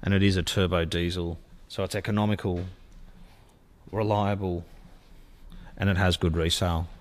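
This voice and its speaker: A man's voice: low-pitched, flat delivery, moderate pace. A man giving a gushing car-sales walkaround as a dealer. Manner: enthusiastic, gushing sales talk.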